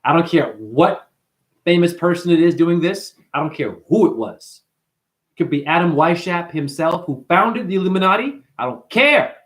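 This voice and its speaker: On his spiritual livestream, a man talks to the chat in an animated manner at a moderate pace, his pitch fairly high. He refers to listeners as honey and chants mantras.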